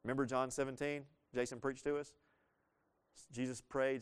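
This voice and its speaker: A man preaching a sermon in a middle-pitched voice. He talks earnestly and with emphasis, throws rhetorical questions at the congregation and drives points home by repeating them. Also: steady tone, a little slow, pauses often, clean tone. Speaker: pastor.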